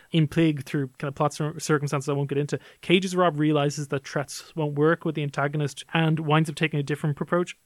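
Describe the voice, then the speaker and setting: A man with a fairly high voice talks through a film he loves in a casual podcast review. He sounds enthusiastic and analytical, and his speech is peppered with "like" and "um." The recording is dry and close, with no room sound. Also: no room sound. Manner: enthusiastic, analytical, many fillers like "like" and "um".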